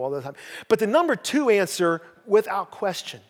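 An older pastor preaches, winding through homespun stories with a folksy, self-mocking humor. His voice sits high for a man. The sound rings with the long reverb of a large church hall. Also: sing-song, moderate pace. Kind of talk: sermon with personal storytelling. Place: church sanctuary.

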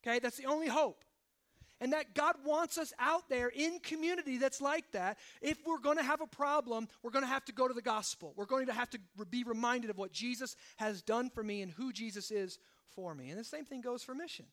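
A man preaching a sermon. He swings from hushed, low emphasis to loud, rising exhortation and keeps checking in with "right?". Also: fairly quick. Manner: asks the congregation rhetorical questions, often adding "right?". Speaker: pastor.

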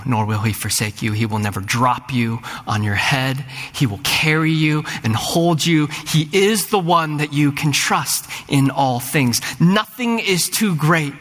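A man's voice: medium pitch, a bit bright. Earnest preacher man in a reverberant hall. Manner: earnest, builds to fervent rising peaks; repeats words when starting a thought. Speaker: pastor. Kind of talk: sermon. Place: large church sanctuary.

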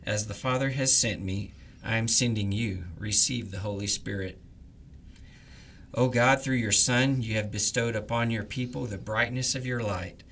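A man leading morning prayers, reading the liturgy in a measured, reverent way. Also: on the low side, gravelly, fairly bright tone, slight background noise. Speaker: prayer leader.

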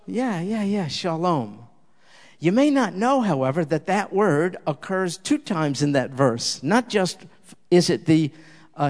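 A male preacher delivering a sermon and closing prayer, swinging from loud emphatic peaks to hushed, reverent prayer. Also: on the high side. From Jewish believer in Jesus. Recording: long hall reverb.

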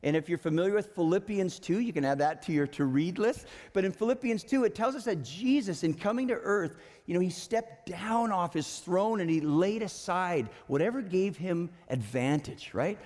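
A male pastor preaching a sermon in a church, conversational and animated, with playful asides. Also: high-pitched, normal speed, hardly any pauses. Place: church sanctuary. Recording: long hall reverb.

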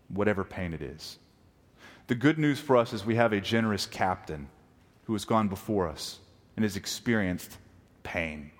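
A man preaching a sermon as pastor, moving between hushed reflection and loud, impassioned scripture reading. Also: lowish voice. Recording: long reverb of a large hall.

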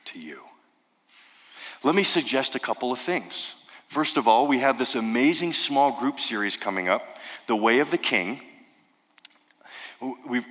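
A man's voice: medium pitch, sharp tone. A male pastor giving an earnest sermon in a church sanctuary, piling up emphatic lists and rhetorical questions. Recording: reverberant church hall.

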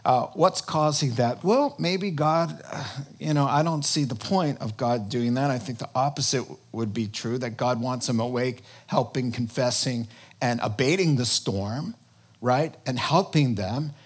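A man preaching a sermon in an animated, conversational way, breaking into sudden loud emphasis. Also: medium pitch, unhurried, slightly rough. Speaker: pastor.

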